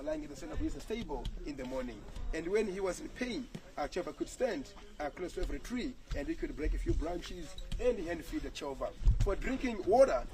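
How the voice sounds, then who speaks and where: Male guide, high voice, encouraging and explanatory, outdoor live tour, crowd noise around. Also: low-quality recording. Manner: encouraging, praising, explaining to visitors. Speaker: elephant sanctuary guide. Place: outdoors at an elephant sanctuary. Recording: outdoor crowd chatter in background. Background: visitors chatting nearby.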